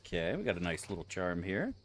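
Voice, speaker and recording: A man's voice: low voice, huge pitch swings, fast, a little hiss or hum. A man streaming a game, chatting casually to his chat with a profane, joking manner. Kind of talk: casual gameplay commentary.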